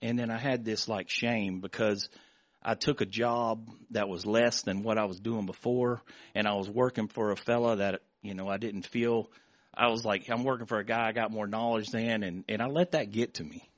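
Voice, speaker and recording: A middle-aged man giving an emotional, halting testimony before a congregation, often repeating words and restarting his sentences. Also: fairly low pitch, fairly even intonation, dry recording, muffled recording. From Florida. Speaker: church member giving testimony.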